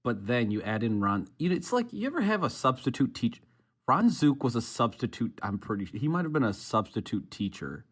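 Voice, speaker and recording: A man's voice: medium pitch, very animated, brisk, slightly rough. A man co-hosting a casual sports podcast, rambling with many restarts. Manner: rambling, self-interrupting, laughs along. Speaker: podcast co-host.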